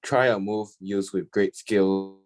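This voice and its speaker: A young man, a student, reading a passage aloud in a steady, plain way and answering his teacher. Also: low voice, takes it slowly.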